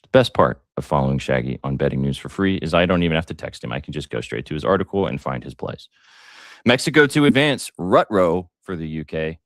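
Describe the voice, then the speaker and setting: A deep-voiced man hosting a live betting stream, chatty and excitable, throwing in jokes and ums. The sound is close and dry, with no room around it. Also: quick pace, no echo. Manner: excitable, joking, lots of fillers. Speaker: sports betting show host.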